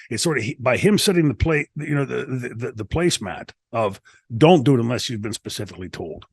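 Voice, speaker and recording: A man's voice: medium pitch, breathy edge, no echo. A man from the United States, a guest in an interview, telling long rambling stories with many restarts. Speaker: interview guest, former wrestler. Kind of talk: casual shoot interview storytelling.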